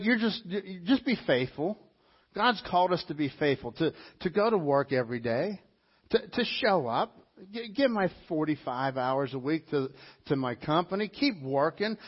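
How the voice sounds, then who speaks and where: Conversational man preaching, slightly high voice. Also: muffled recording. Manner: conversational and emphatic, with frequent restarts. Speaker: pastor. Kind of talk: sermon.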